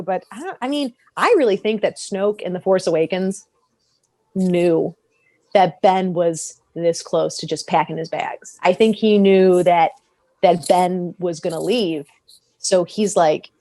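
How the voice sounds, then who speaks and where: A woman talking casually on a podcast, animated and laughing often as she breaks down a character. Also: mid-range voice, dry recording. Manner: animated, laughs often, acts out quoted voices. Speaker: podcast co-host. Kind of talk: casual fan discussion.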